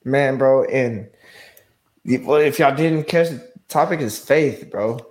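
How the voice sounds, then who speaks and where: A man with a mid-range voice leads the topic on a casual podcast, talking slowly, loosely and with slang, sprinkling in "bro" and "you know what I'm saying."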